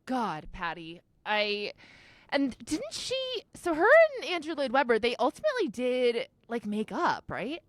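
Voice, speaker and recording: A woman hosting a podcast, chatting casually in a lively, emphatic way and quick to laugh. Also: a little high, dry recording. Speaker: podcast host. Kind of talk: casual chat.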